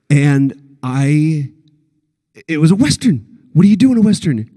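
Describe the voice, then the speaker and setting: A Texan man in his thirties, a panel guest, tells a story on stage at a convention panel, animatedly acting out the quotes with big pitch jumps. He speaks a little slowly; the recording is dry yet has a big-room sound.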